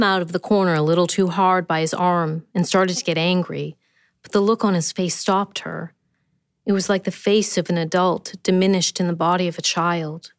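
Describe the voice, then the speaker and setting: A woman, the author, reading her own short story aloud in a steady, measured way. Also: lowish voice, clear, resonant tone, no room sound, clean studio sound. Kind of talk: scripted narration.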